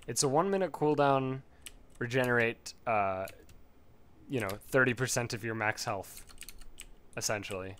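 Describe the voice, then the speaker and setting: A man's voice: mid-range voice, normal speed, pauses often, fairly bright tone, clean tone. A man giving casual, rambling gameplay commentary while leveling a character, swearing freely and laughing often.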